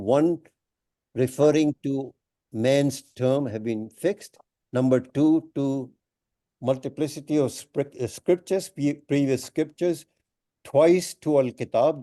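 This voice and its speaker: A man with a mellow, warm voice lectures on scripture at an Islamic center. He speaks in a measured, deliberate way, pausing often and leaning on key phrases for emphasis. His pitch sits in the middle range. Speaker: teacher of a Quran study class. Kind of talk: lecture explaining Arabic grammar of scripture.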